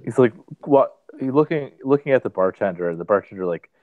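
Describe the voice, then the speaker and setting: A man player talking through a tabletop game scene, halting and full of fillers. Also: medium pitch, animated, no room sound. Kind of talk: casual tabletop game chat. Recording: dry dull lo-fi call audio.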